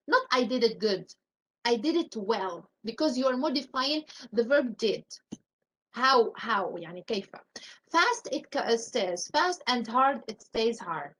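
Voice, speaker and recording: A woman with a high voice teaches a live English grammar lesson. She walks through each rule step by step with example after example and keeps asking the class questions. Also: a bit bright, low-quality recording.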